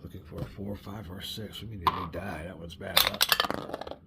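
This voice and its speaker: A man's voice: low voice, steady tone, moderate pace, creaky, heavy background noise. A middle-aged man narrating his solo board wargame, chatting and thinking aloud as he rolls dice. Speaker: board game player and channel host. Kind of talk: solo wargame playthrough commentary.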